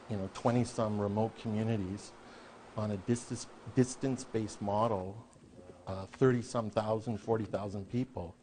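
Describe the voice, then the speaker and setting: A man giving an interview, answering hesitantly with pauses as he thinks aloud. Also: on the low side, a little mellow, slight background noise. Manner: hesitant, many fillers and restarts while thinking aloud.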